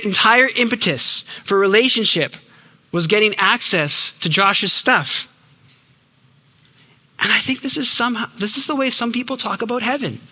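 A young man delivers a sermon with earnest emphasis, letting key words drop low and quiet. His voice sits fairly high and sounds very bright and forceful. It carries a long, reverberant hall tail. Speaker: preacher.

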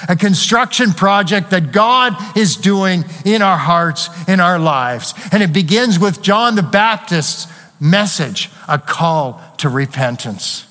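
A man's voice: high voice, a bit bright. A man preaching a sermon to his church, earnestly asking rhetorical questions and reading scripture aloud. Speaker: pastor. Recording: long hall reverb.

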